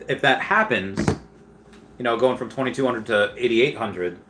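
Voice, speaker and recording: A man hosts a relaxed livestream in a slightly low but bright, forward voice. He rambles on, reads viewer comments aloud and swings into loud, excited bursts. Faint room ambience sits behind him. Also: slight background noise. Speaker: livestream host. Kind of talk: casual livestream chat.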